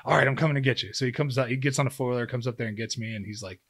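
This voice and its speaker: A man's voice: mid-range voice, racing. A man in his thirties, a podcast guest, telling a story in casual conversation, acting out his own quotes with lots of fillers. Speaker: guest, former pro football player turned hunter.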